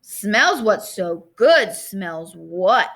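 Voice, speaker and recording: A woman voicing a curious, eager giant cockroach leader that hisses slowly and jumbles its word order. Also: medium pitch, sing-song, a bit bright, voice pushed down, heavily acted. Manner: slow, hissing, words in odd order.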